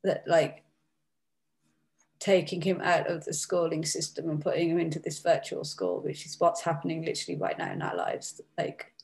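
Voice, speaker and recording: A woman from Britain, her low voice carrying a gravelly fry. She talks in loose, chatty runs, peppered with "like" and frequent laughter. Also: steady tone, normal speed, darkish tone. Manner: laughs often, many fillers of "like". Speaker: hypnosis session client. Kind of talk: casual chat.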